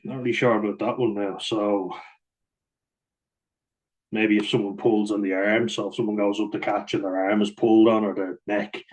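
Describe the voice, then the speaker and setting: A man's voice: lowish voice, fairly even intonation, moderate pace, rough recording. A man, a rugby player hosting a casual, blunt commentary on the rules of the game, swearing and laughing easily along the way.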